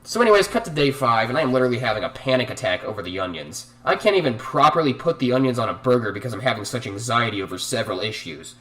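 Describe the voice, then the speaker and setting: A man's voice: medium pitch, lively intonation, fast, few pauses, fairly bright tone, far from the mic. Profane, dramatic young man telling a story. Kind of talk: storytime vlog narration.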